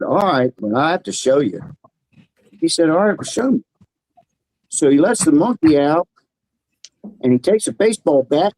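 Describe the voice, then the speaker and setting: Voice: medium pitch, dry recording, rough recording. A speaker telling a bar joke in casual chat on a video call, acting out the characters' lines. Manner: animated joke teller who acts out the characters' lines.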